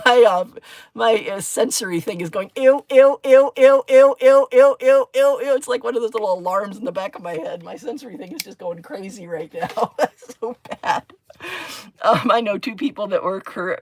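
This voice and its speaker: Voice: medium pitch, no echo. A middle-aged crafting host chatting on a livestream with a giggly, exclaiming manner. The voice sits in an ordinary mid register. It is recorded dry and close, with almost no room sound. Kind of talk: casual livestream chat while crafting.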